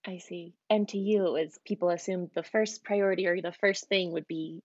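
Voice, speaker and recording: A woman's voice: steady tone, normal speed, slightly rough, no room sound. A woman hosting a podcast, listening closely and reflecting back on what her guest says. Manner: reflective, backchannels a lot. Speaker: podcast host. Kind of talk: empathetic interview talk. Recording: muffled low-fidelity audio.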